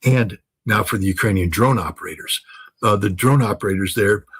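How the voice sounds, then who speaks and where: A man's voice: lowish voice, a little fast, fairly bright tone, breathy edge, low-quality recording. An older man giving impassioned commentary, talking emphatically with many fillers, restarts and repetitions.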